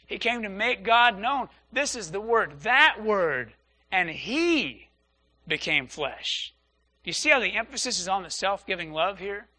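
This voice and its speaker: A man's voice: high-pitched, animated, unhurried, bright, forceful tone. A man, a pastor, preaching an earnest Sunday sermon and repeating phrases for emphasis. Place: church.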